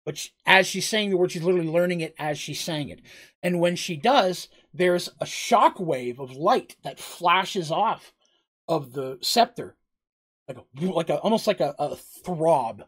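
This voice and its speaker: Brief: tabletop game master, mid-pitch voice, vivid play-by-play of a fight, restarts phrases as he goes. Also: lively intonation, unhurried, fairly bright tone, breathy edge. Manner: vivid, blow-by-blow combat storytelling with frequent restarts. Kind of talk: improvised narration of a tabletop game.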